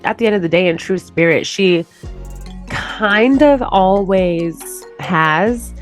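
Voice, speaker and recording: Low-voiced woman co-hosting a chatty podcast. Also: soft background music. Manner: chatty, quick to laugh. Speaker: podcast co-host. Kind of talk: casual chat.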